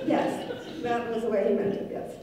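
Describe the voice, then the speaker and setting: A woman's voice: on the high side, level tone, moderate pace, very noisy. Middle-aged woman in an echoey hall. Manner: wry, gently humorous storytelling. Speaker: daughter giving a eulogy. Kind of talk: memorial tribute speech. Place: large synagogue hall. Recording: echoey hall, mic far off.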